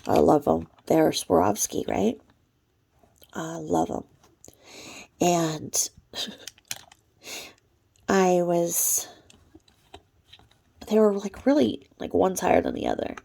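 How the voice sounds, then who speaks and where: A woman's voice: fairly low pitch, big pitch swings, slow, vocal fry, long pauses, dark tone, breathy edge. A woman hosting her own channel, talking to camera in a chatty, rambling way and now and then dropping to a whisper. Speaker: channel host. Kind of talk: casual vlog commentary.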